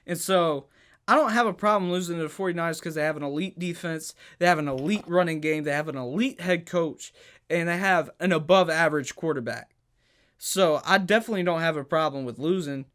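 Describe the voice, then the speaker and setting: A man's voice: fairly high pitch, fairly quick, a bit bright. A man co-hosting a casual sports podcast, heated and emphatic, often stuttering and restarting his sentences.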